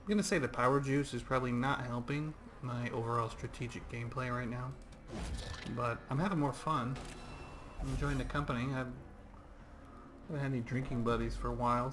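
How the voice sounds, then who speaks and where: A man's voice: medium pitch, fairly bright tone, a little hiss or hum. Rambling man streaming a game. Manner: rambling and chatty, reading out chat. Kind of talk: casual livestream gameplay commentary.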